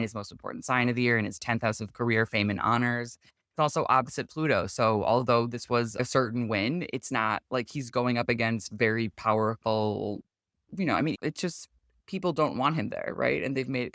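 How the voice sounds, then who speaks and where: A man's voice: medium pitch, a bit bright, no echo. A man with a mid-range voice chats through astrology readings on a podcast. He talks casually, filling his explanations with "like" and "you know". The sound is close and dry.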